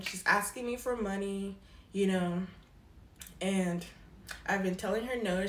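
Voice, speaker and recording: A woman's voice: reverberant, a little hiss or hum. A young woman telling a casual storytime about a past job, acting out what people said with big jumps in her voice. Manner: animated, quoting people with lively pitch jumps. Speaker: storyteller vlogger.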